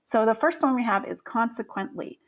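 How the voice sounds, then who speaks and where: A woman's voice: on the high side, moderate pace. A woman explaining grammar to middle schoolers in a friendly way, with frequent ums. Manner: friendly and explanatory, with many fillers. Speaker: teacher. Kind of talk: grammar lesson.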